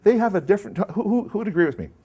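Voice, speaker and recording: A man's voice: high-pitched, sing-song, very fast, mellow, husky. A man presenting a live workshop to an audience, talking conversationally and putting questions to the room.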